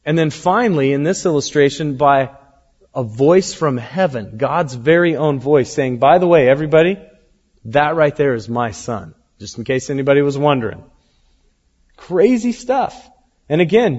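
A man preaching a sermon as pastor, in a conversational, animated storytelling manner with acted quotes. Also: mid-range voice, husky. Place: church hall. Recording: dull, reverberant hall recording.

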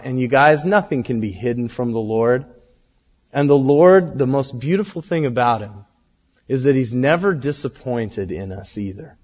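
A man preaching a sermon as pastor, in a conversational, animated storytelling manner with acted quotes. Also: medium pitch, moderate pace, husky. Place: church hall. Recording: dull, reverberant hall recording.

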